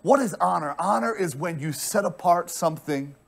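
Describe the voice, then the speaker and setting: An American pastor preaching with emphatic storytelling, his voice sitting fairly high for a man. He doubles back on words as he builds a point. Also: lively intonation, moderate pace, gravelly. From United States. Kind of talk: sermon.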